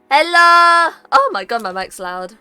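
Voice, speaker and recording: A woman's voice: extremely high pitch, bright, forceful tone, no echo. A British woman co-hosting a streamed chat podcast, playful and teasing, laughing often. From Britain. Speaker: podcast co-host.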